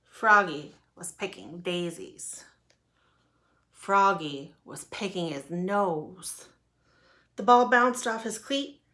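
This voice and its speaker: A woman reading a children's picture book aloud in a lively, expressive way. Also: lowish voice, slow pace. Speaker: storyteller. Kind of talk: children's storybook read-aloud.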